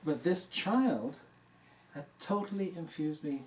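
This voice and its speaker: A man's voice: a little high, animated, takes it slowly. Older man, teacher telling a story to a hall audience, easygoing, self-amused, recorded from a distance with a faint hiss. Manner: warm anecdotal storytelling, laughing at his own story. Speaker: dharma teacher. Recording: distant mic in a room with faint noise.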